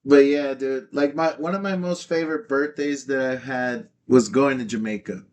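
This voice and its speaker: A man's voice: mid-range voice, normal speed, darkish tone, a little hiss or hum. A man in his thirties, a comedian guest on a podcast, telling casual stories with lots of laughter and swearing, acting out the people in them. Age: 30s. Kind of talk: casual storytelling chat.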